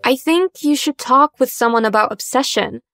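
A woman playing a worried, caring middle-aged mother who pleads gently with her daughter. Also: high voice, normal speed, soft background music. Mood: pleading.

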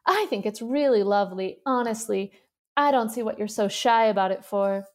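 A woman's voice: medium pitch, moderate pace, a little mellow, close to an everyday voice. A woman reading aloud, voicing a sweet, gushing older society lady in a short story with a lifted, effusive tone.

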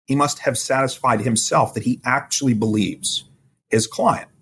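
A man as a legal expert guest, explaining courtroom rules in a measured way and quoting testimony. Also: medium pitch, fairly bright tone, slightly rough. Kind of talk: podcast interview analysis.

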